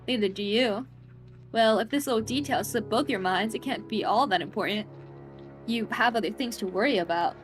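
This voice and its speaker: A woman's voice: medium pitch, normal speed, soft background music. A woman streamer reading a horror visual novel aloud in a dramatic voice, breaking off into scared, jokey reactions.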